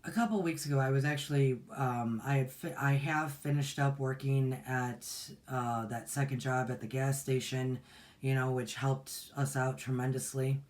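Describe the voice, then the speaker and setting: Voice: medium pitch, little pitch movement, normal speed, darkish tone. A meditation teacher in their forties hosting a casual livestream, talking in a folksy, rambling way with many restarts. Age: 40s. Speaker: meditation teacher and channel host.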